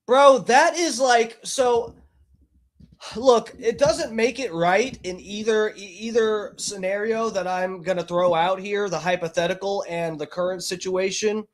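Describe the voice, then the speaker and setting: A man's voice: sits high, measured pace. A man hosting a live stream, giving profane, mocking, agitated commentary. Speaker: streamer host.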